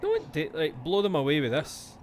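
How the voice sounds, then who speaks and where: A man's voice: a little high, wildly swooping pitch, normal speed, a little hiss or hum. A man with a Scottish accent giving casual, jokey commentary while playing a game, reading its text aloud and swearing often. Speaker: let's-play streamer.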